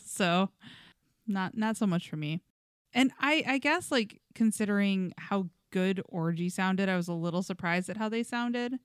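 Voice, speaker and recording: A woman co-hosting a podcast, chatting in a relaxed way and giving frank opinions. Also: medium pitch, smooth, no room sound, clean studio sound. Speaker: podcast co-host. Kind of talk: casual chat about music.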